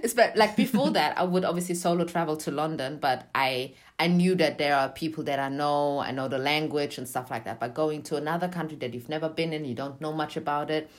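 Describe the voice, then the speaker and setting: Animated young woman telling a story. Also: low-pitched, fairly quick, hardly any pauses. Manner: animated, laughs often, acts out quotes. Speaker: interview guest. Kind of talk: casual storytelling in conversation.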